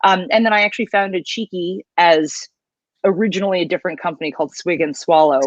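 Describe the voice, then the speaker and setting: A woman's voice: lowish voice, fast, no room sound. Upbeat woman on muffled call audio. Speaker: guest, drinks brand founder. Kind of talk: interview answers. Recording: dull, slightly lo-fi remote audio.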